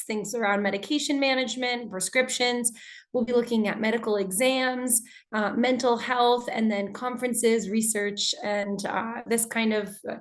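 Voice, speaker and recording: An American woman teaching an online English class, speaking in a friendly, energetic way and talking with her students through the chat. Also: fairly high pitch.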